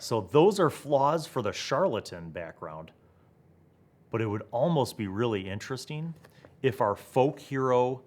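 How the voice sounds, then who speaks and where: A young man hosting a tabletop gaming talk video, thinking aloud with excitement and asking rhetorical questions. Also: fairly low pitch. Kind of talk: animated solo talk to camera.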